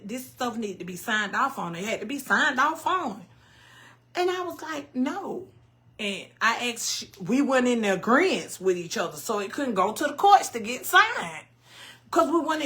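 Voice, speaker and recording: A woman's voice: medium pitch, fairly bright tone. A woman in her early fifties chatting candidly with her viewers, telling a personal story in loose, emotional vernacular. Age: 50s. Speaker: cooking vlogger. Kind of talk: casual chat to viewers.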